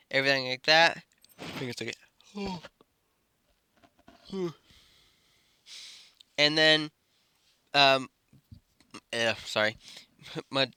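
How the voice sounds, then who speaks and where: A man's voice: medium pitch, bright, forceful tone, smooth, dry recording, studio quality. A man improvising a fan story aloud, rambling with fillers and self-corrections.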